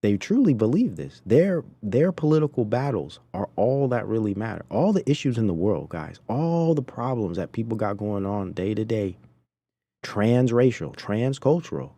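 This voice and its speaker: Male podcast host, preachy and indignant, with a low, dark voice. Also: very animated, moderate pace, breathy edge. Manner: preachy, indignant, talks to chat. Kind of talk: commentary on clips.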